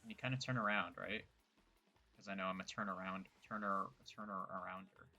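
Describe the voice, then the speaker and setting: A gravelly, bright-toned young man rambles through a casual gameplay session, tossing out jokes and self-mocking asides. His voice sits fairly low with a crisp edge. Faint game music plays underneath. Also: fairly even intonation, a little fast. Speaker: gameplay streamer.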